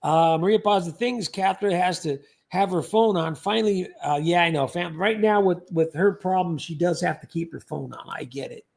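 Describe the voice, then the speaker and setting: High-voiced creaky man chatting on a livestream. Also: moderate pace, few pauses. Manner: rambling, joking, thanks viewers by name. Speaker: livestream host reading viewer comments. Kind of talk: casual livestream chat.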